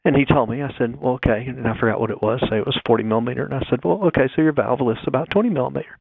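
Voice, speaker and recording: This guest engineer, phoning in for an interview, talks very fast in a creaky, mid-range voice as he lays out technical details and figures step by step. The line is dry and tinny, with no echo.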